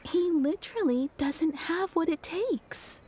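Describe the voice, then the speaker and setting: A woman's voice: extremely high pitch, lively intonation, a little slow, dark tone. A woman voicing a cheerful townswoman in a video game, telling a story in a chatty, amused way. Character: cheerful townswoman, kimono maker, amused and frank. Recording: game dialogue over music.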